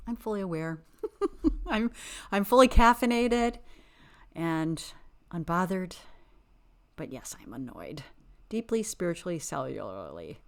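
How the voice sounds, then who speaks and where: A woman hosting a podcast, recapping a reality TV show with sassy, exasperated, animated commentary. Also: on the low side, a little slow, pauses often. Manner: animated, dramatic emphasis. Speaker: podcast host.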